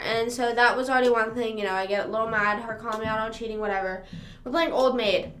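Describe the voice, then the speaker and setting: A woman's voice: a little high, fairly even intonation, quick pace, a bit bright, a little hiss or hum. A young woman streamer rambling in casual chat at home, with lots of fillers. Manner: rambling and chatty, with frequent fillers. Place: home room. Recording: roomy echo, faint music behind.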